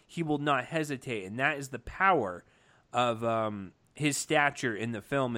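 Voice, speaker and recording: A man's voice: mid-range voice, fairly bright tone. A man giving a casual, enthusiastic movie review, talking with lots of fillers and restarts. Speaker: film reviewer.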